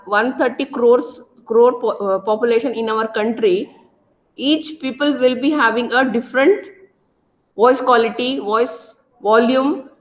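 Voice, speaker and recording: Loud Indian-accented woman lecturer. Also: high-pitched. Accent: Indian English, Karnataka. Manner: loud, repetitive teaching style with tag questions. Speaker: college lecturer. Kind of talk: classroom lecture. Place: classroom.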